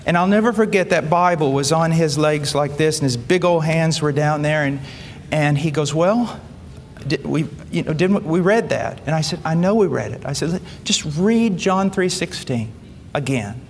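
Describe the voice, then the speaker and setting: A man preaching, telling a story and quoting others in lively acted voices. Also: a little high, moderate pace. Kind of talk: sermon storytelling. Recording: hall reverb, faint background noise.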